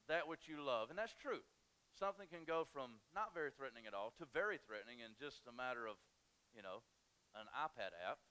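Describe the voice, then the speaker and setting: A man preaching in a church, with a high, bright voice that rises and falls a great deal. He keeps it lively and playful, and he drives each key point home by repeating it. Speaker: pastor. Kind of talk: sermon. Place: church sanctuary.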